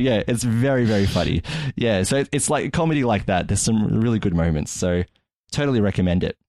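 Low-voiced man, chatty podcast co-host. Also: fast, darkish tone, no echo. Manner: hesitant, lots of fillers and restarts. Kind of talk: casual chat.

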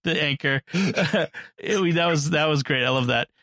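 A man's voice: a little high, moderate pace, a bit bright, dry recording, clean studio sound. A man co-hosting a casual movie discussion podcast, chatty and laughing often, restarting his sentences as he goes. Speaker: podcast co-host.

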